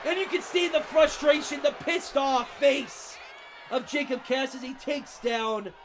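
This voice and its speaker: Biased wrestling commentator, man, shouting over a roaring arena crowd and loud noise. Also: extremely high pitch, fairly even intonation, a little slow. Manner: openly biased, shouting, swearing, cheering on favorites. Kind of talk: play-by-play commentary.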